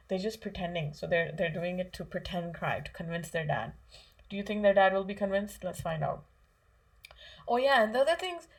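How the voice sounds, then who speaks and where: A woman giving a children's religious lesson in a chatty way, asking her young listeners lots of questions with frequent fillers. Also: medium pitch. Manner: asks kids questions, conversational, many fillers. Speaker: Islamic studies teacher for children.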